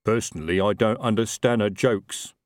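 A man voicing a slow-witted, chatty male troll worker with a rambling, working-class manner. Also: fairly low pitch, no echo, clean studio sound, close to an everyday voice.

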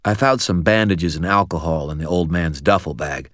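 A man's voice: low-pitched, moderate pace, a bit bright, no room sound, clean studio sound. A man voicing a nervous young male medical examiner in an audiobook, his speech thick and slurred from a broken nose, hesitant and earnest. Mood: shaken. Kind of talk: audiobook character voice.

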